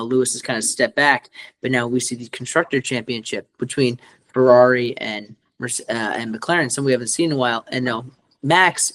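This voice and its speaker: A man co-hosting a podcast in casual chat, rambling with lots of fillers and restarts. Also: mid-range voice. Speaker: podcast co-host.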